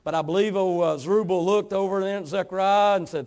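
A man preaching a sermon, fervent and emphatic, repeating words and building to loud peaks. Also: high voice, fairly even intonation, quick pace, few pauses. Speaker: pastor.

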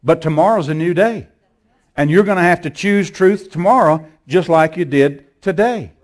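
Preacher guy, storytelling sermon, gets loud and commanding, bit higher voice. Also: normal speed. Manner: storytelling, rising to forceful commands. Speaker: pastor.

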